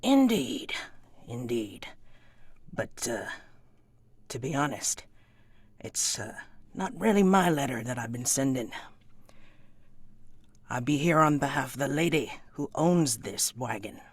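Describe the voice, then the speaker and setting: A man voicing a grumpy frontier wagon hand who speaks curtly in rough grammar. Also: medium pitch, lively intonation, takes it slowly, long pauses, no room sound. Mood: gruff. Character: grumpy male wagon hand, gruff and surly.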